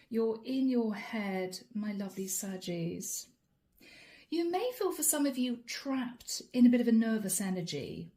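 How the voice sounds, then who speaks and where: Speaking a little slowly with lively intonation, a middle-aged tarot reader addresses viewers directly in a channeled reading to camera. Her tone is soft, mellow and slightly higher than average, and she coaxes, reassures and keeps returning to the same encouraging words.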